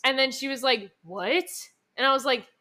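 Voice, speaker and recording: Chatting casually with her sister on their podcast, this twentysomething co-host meanders through a story, cursing and laughing often. She has a high, sharp-toned voice at a moderate pace.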